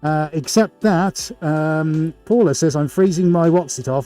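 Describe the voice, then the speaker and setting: A man's voice: fairly high pitch, unhurried, dark tone, faint music behind. A man hosting a live painting stream, chatting casually and greeting viewers by name with jokey asides.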